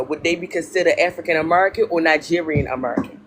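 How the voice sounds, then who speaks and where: A man's voice: fairly high pitch, fast talker, fairly bright tone, slight background noise. A man hosting a podcast, asking casual, probing questions. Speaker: podcast host. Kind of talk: podcast discussion.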